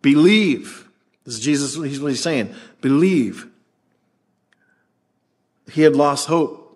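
Animated male preacher giving a sermon. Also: medium pitch, fairly quick, husky. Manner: animated, acts out scripture voices, conversational fillers. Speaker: pastor.

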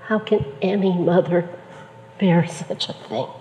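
A woman's voice: fairly low pitch, a little slow, dark tone, reverberant, slight background noise, natural voice. A woman acting a troubled wife who asks short anxious questions in a church drama.

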